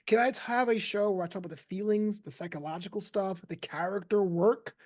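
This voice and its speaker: Guy in his 30s, high voice, guest on a podcast, laughs a lot and acts out quotes. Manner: animated storyteller, laughs often, acts out quotes; voices other people in quick asides. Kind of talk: casual podcast chat.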